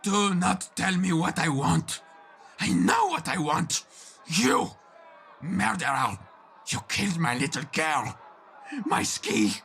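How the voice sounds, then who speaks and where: An actor playing a grieving, furious nobleman father with a French accent, shouting imperiously in a video game. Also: a little high, very animated, takes it slowly, creaky, long pauses, a little hiss or hum, exaggerated voice. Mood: enraged. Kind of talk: game voice acting.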